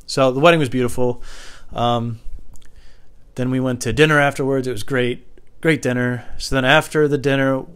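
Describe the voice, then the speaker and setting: Man, mid-pitched, loose rambling storyteller, slips into other people's voices; casual anecdote host. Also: moderate pace, clean tone. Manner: rambling, animated, acts out quoted voices.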